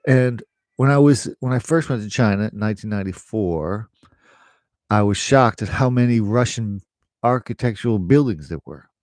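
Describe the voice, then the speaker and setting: A man's voice: lowish voice, moderate pace, a little mellow, no room sound, studio quality. A middle-aged man, an English teacher, chatting casually to camera in a rambling way, with fillers and laughs.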